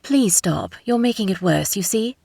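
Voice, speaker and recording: A woman voicing a refined, composed young woman with a crisp British accent, in an audiobook romance. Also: mid-range voice, animated, normal speed, dark tone, no room sound, clean studio sound, voice pushed up. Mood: politely firm. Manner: crisp, politely insistent.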